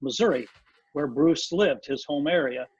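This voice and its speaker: A man guesting on a podcast, telling animated anecdotes and laughing often, with a dull lo-fi sound. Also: on the high side, measured pace, husky, dry recording. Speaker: guest, former band drummer. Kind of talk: casual storytelling in a podcast interview.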